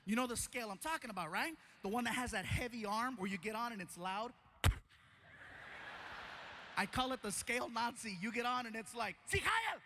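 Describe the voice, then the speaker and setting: A man performing stand-up, telling a story in an animated, playful way and acting out voices. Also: very high-pitched, fairly quick, pauses often, background noise. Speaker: stand-up comedian.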